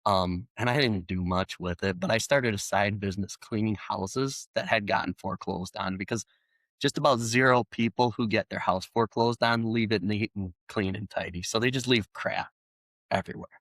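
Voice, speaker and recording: A middle-aged man, a podcast guest, talking in a relaxed, plainspoken way with frequent ums and restarts. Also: on the low side, moderate pace, no echo. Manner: animated when retelling dialogue. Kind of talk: storytelling in a conversational interview.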